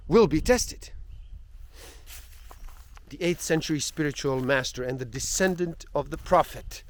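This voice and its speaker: A man reading passages of a spiritual book aloud in a slow, reflective way. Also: on the high side.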